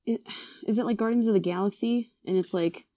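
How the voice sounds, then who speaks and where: Young woman, excitable game contestant, dry close sound. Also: medium pitch, fairly quick, no echo. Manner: excitable, giggly, swears under breath. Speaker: quiz contestant. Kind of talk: casual chat.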